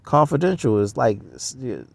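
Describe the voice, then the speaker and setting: Gravelly man rambling in slang. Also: medium pitch, very animated, normal speed, no echo. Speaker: vlogger. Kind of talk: rambling casual monologue.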